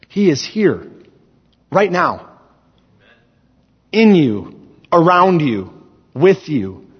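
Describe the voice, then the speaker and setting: A man's voice: on the high side, slightly rough. Earnest man preaching in a big echoing hall. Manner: earnest, emphatic preaching with scripture reading. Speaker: student ministries director preaching. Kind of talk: sermon. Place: church sanctuary. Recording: dull sound in a large reverberant church hall.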